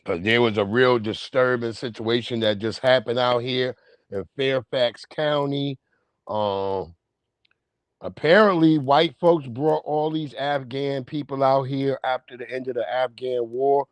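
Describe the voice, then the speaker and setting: A man hosting a livestream, reacting to clips with loud, profane, laughing banter. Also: medium pitch, steady tone, a little slow, dry recording. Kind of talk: casual reaction commentary.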